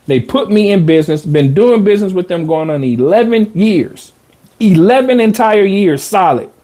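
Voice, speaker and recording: A man with a fairly high-pitched voice hosts a podcast, telling a personal story with casual animation. He uses plenty of slang and repeats phrases to hammer home his points.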